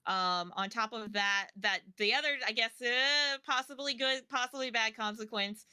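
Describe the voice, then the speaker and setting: A woman's voice: fairly high pitch, moderate pace, pushed and bright, clear, resonant tone, dry recording. A woman acting as game master, thinking aloud through the rules and narrating the action, with frequent fillers and restarts. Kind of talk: running a tabletop game.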